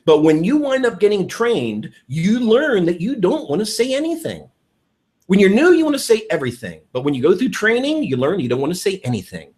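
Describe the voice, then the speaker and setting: A man giving an energetic training talk on network marketing, enthusiastic and repeating his key points. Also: high-pitched, a little fast.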